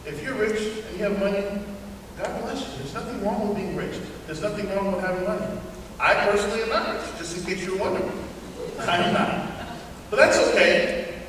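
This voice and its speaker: A middle-aged pastor preaching a sermon, telling stories with humorous asides to the congregation. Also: male voice, high-pitched, fairly quick, background noise. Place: church sanctuary. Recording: echoey church hall from far off.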